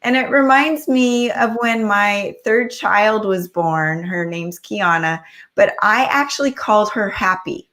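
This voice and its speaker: A woman hosts a relaxed interview and answers her guest with agreeing replies. She speaks slowly at a middle pitch. She is heard over a video call. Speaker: show host. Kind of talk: casual interview chat.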